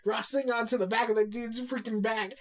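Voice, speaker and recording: A woman co-hosting a casual podcast, retelling scenes in an animated way and acting out the quotes. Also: on the high side, brisk, very noisy. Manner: animated retelling, acts out quotes, laughs a lot. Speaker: podcast co-host. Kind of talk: casual chat.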